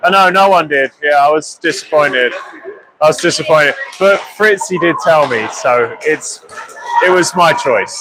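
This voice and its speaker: A man doing live play-by-play for an ice hockey game with rambling, self-deprecating asides, excitable when a goal goes in. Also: fairly high pitch, measured pace. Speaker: hockey commentator. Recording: loud arena noise behind the voice.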